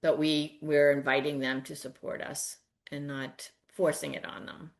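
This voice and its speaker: A woman with a very low voice chimes in over a video call. She speaks in an agreeable, thoughtful way, with fillers. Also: flat delivery, measured pace, vocal fry. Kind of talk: casual discussion.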